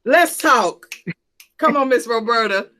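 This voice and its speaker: A woman's voice: a little high, lively intonation, takes it slowly, pushed and bright. A woman hosting a church panel talk, playful and coaxing as she calls out to the audience.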